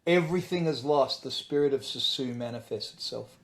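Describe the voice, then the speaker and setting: Australian man, guest spot, blunt and laid-back, salty language, mid-pitched voice. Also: a little fast. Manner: blunt, profane, easygoing. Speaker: podcast guest. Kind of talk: casual chat.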